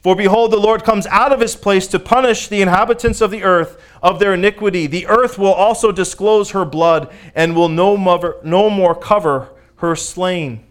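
A man with a notably high-pitched voice delivers a teaching sermon. He reads scripture aloud and breaks off to speak directly to his congregation, stressing key words with emphasis in a casual, conversational tone. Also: normal speed, hardly any pauses. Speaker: pastor.

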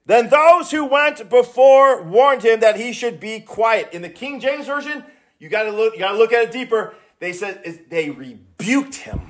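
Man preaching with dramatic pitch swings. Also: animated, normal speed. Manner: dramatic, climbs from low murmurs to high shouted cries. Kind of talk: sermon.

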